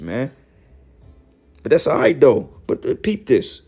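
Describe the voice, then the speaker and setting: A man giving heated, profane preaching commentary, scolding his listeners and rising to shouts. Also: mid-range voice, huge pitch swings, measured pace, long pauses, slightly rough. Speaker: religious commentator.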